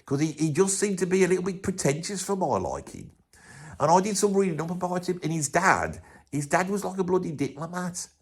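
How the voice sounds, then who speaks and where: Casting: man playing a middle-aged Brummie rock fan, rambling and scoffing, voice sitting a little high. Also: expressive, a little fast, husky, full character voice. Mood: grumbling. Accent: Birmingham. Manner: rambling, swears often, scoffing. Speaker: comedy character host. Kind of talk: comic rant to camera.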